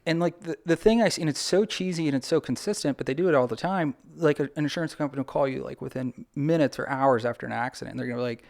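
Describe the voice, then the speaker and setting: A personal injury attorney guesting on a podcast talks fast with hardly any pauses, his medium-pitched voice gravelly and creaky. Animated and conversational, he fills his frank, practical advice with "like"s, asides, and acted-out quotes.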